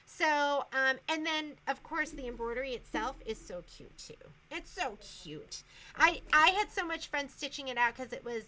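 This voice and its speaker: A woman's voice: high-pitched, animated, moderate pace, sharp tone, rough recording. A woman hosting a sewing shop video, chatting enthusiastically and casually about quilting and machine features.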